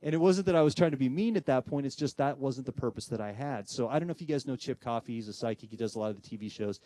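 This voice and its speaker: Speaking quickly at a medium pitch with no room sound, a man presents live to an audience on spirit communication. He animatedly tells a story and acts out the voices in the quoted dialogue.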